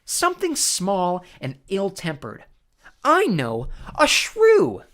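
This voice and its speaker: A man's voice: huge pitch swings, slow pace, a bit bright, heavily acted. A man voicing a haughty, easily flustered female sorceress in a storybook reading, drawling and mocking. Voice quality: high, shrieking put-on voice. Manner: drawling, mocking, then yelping.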